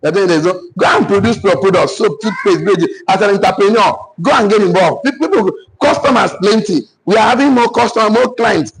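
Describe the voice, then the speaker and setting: A man with a Nigerian accent giving a joking, animated motivational talk to an online business community as coach. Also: sits high, a little fast, vocal fry, few pauses, slight background noise, rough recording. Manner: animated, joking, mixes Pidgin asides with laughter.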